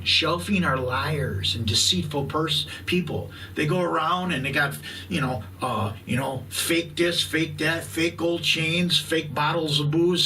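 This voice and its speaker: A man's voice: a little high, pushed and bright, far from the mic, slight background noise. A man in his fifties ranting profanely and bluntly about his pet peeves to his channel's viewers, dragging out words for emphasis. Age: 50s. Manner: blunt, profane, combative rant with long drawn-out words. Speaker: YouTube host.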